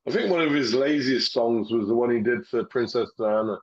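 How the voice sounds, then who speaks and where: A man's voice: mid-range voice, brisk. A man in casual chat, rambling, joking and swearing a lot. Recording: dull lo-fi audio.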